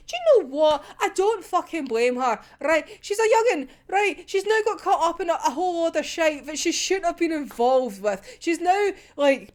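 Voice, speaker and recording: A young woman reacting to a manga chapter in casual chat, animated, swearing often and laughing a lot. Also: sits high.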